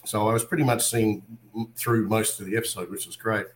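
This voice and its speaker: Man, Australian accent, fairly low voice, interview guest, casual, animated storytelling. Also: a little fast. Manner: animated storyteller, acts out other people's lines. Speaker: guest, wrestler and actor.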